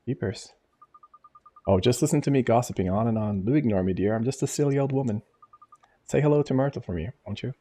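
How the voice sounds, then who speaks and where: A man's voice: medium pitch, brisk, warm tone, pitched above the performer's own voice, close to an everyday voice. A man voicing a fussy, kindly elderly woman neighbor who gossips chattily and sympathetically, reading game dialogue aloud. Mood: gossipy.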